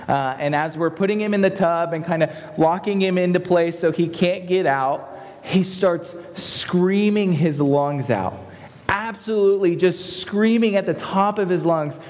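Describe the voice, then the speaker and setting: A man's voice: on the high side, darkish tone. A young adult man preaching a sermon earnestly, building to emphatic passages. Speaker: pastor. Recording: long reverb of a hall.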